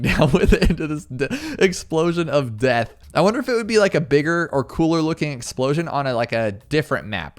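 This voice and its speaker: A young adult man giving casual, excitable commentary as he plays a tower defense game, thinking aloud. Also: mid-range voice. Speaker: gaming YouTuber.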